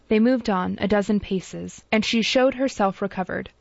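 A woman narrates a classic novel in a measured, formal way, at a middle pitch. The recording is dull and lo-fi, with a dry, close sound. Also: vocal fry, no room sound. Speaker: audiobook narrator.

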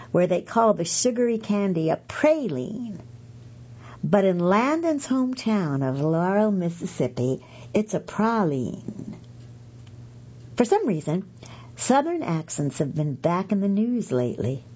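A woman's voice: on the low side, big pitch swings, moderate pace, warm tone, slightly rough, dull audio. A middle-aged woman reading magazine pieces aloud for a podcast, chatty and correcting herself with asides.

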